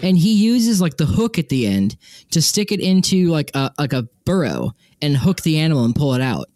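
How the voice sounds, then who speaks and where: A man co-hosting a podcast, chatting casually and telling stories in an animated way. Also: a little high, moderate pace, dry recording, clean studio sound. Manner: animated, laughing storyteller. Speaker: podcast co-host. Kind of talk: casual chat.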